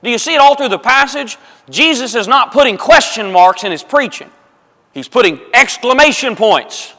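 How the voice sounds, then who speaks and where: Very high-pitched, pushed, and bright, this preacher speaks expressively at normal speed to his congregation in a church auditorium. He repeats phrases for emphasis and addresses listeners as folks and brethren, with long church-hall reverb around him.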